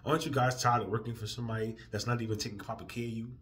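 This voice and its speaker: A man ranting emotionally in a profane vlog, drifting from quiet, weary talk to loud, heated outbursts. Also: medium pitch, flat delivery, racing. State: emotional, near tears. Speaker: vlogger.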